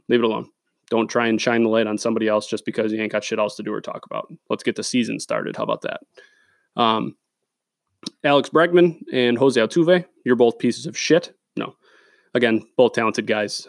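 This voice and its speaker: Gravelly, blunt, profane sports-podcast man. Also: medium pitch, no echo, clean studio sound. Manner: blunt, profane, opinionated, with many fillers. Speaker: podcast host. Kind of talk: solo sports podcast rant. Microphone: studio microphone.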